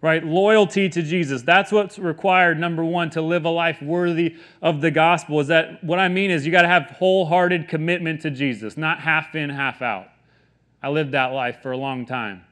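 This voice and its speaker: A pastor in his thirties preaches a sermon in an earnest, conversational manner, moving between quiet stretches and emphatic questions. His voice is a little high, with fairly even intonation and a moderate pace.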